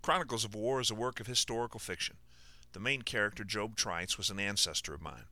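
A man, the author, reading his own historical novel aloud in a measured, plain way on a close mic. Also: on the low side, pushed and bright, dry recording. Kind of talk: audiobook narration.

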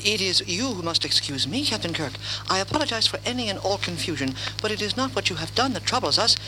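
Small alien ambassador, fussy and formal, bright sharp tone, quick delivery, story record. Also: male voice, sits high, very animated, slight background noise, full character voice, low-quality recording. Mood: fussy polite. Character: overly polite small male alien ambassador.

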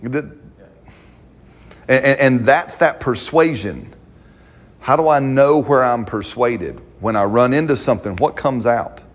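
A man's voice: medium pitch, measured pace, pauses often. A man preaching a sermon in a conversational, playful way, acting out quotes and laughing along with the congregation.

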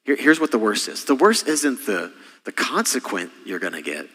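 A middle-aged man preaching a sermon as senior pastor, impassioned, with sudden soft drops. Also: mid-range voice, sing-song, moderate pace, husky, big-room sound.

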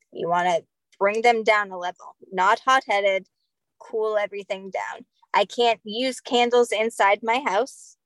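A woman's voice: mid-range voice, dry recording, poor audio. Podcast guest, a woman who works as a medium, tells her story casually, lots of "like" and "um", close dry sound. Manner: chatty, filler-heavy with frequent "like" and "um".

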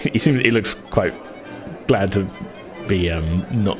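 A man narrating a tabletop game as game master, laid-back and chatty with lots of fillers and chuckles. His voice sits fairly low, with soft music faint underneath. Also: slow. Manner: casual, chuckling, filler-heavy.

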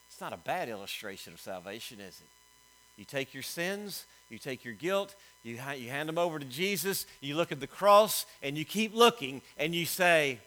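A middle-aged man preaching a sermon, swinging between loud emphatic lines and quiet storytelling. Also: very high-pitched, expressive, moderate pace, low-quality recording. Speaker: pastor.

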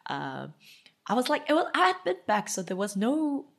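A woman co-hosting a casual podcast, telling stories in an animated way with frequent laughter. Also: fairly high pitch, normal speed, vocal fry, breathy edge. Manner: animated storyteller, laughs often. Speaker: podcast co-host. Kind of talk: casual chat.

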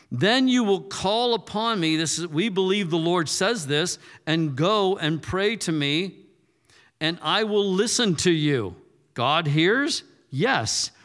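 Higher-voiced male pastor, echoing hall. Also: a bit bright. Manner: conversational preaching, frequent word repeats. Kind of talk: sermon. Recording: reverberant hall.

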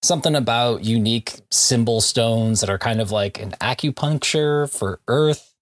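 A man's voice: medium pitch, moderate pace. A man co-hosting a comic book podcast, recapping issues in a casual, jokey way with frequent laughs and asides. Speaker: podcast co-host.

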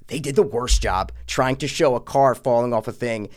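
A man's voice: moderate pace, hardly any pauses. A man casually reviewing a horror movie on a podcast, ranting and swearing, acting out scenes. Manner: ranting, profane, acts out scenes in high voices. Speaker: podcast co-host.

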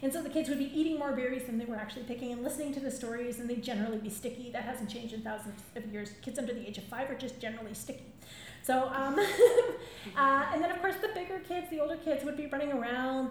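A high-voiced woman tells stories to a live audience in an animated way, often breaking into laughter. Her voice rings through a very echoey room with a faint hum of ambience behind it. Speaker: storyteller and drum circle leader. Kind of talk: storytelling talk to a live audience.

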